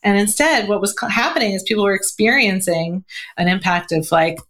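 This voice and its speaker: A woman talking as a guest on a podcast interview, animated and laughing often, with lots of "um" and "you know". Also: mid-range voice, a little fast. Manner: animated, acts out quoted voices, laughs often; frequent fillers like "um" and "you know". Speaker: guest, communication coach.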